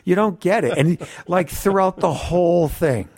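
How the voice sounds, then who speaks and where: A man co-hosting a podcast, telling a story in casual chat, animated, swearing and laughing often. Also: high-pitched, moderate pace, no echo, studio quality. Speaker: podcast co-host.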